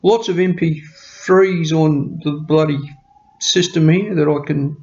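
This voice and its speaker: A man's voice: on the high side, steady tone, unhurried, creaky, a little mellow. A man talking earnestly to camera from home in a rambling, homely way about budgeting. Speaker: budgeting vlogger. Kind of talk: casual talk to camera. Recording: slightly muffled lo-fi sound.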